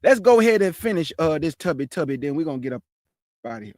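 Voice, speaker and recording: A man hosting a reaction show, scolding and mocking a clip in loud, lively commentary. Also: fairly high pitch, fast talker, no echo, clean studio sound.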